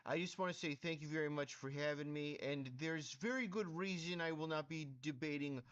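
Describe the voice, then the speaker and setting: A man's voice: a little high, brisk, fairly bright tone, no room sound, lightly acted. A man playing a smug, glib doctor guest in a parody comedy skit, rattling off mock-polite lines. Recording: dull lo-fi clip audio.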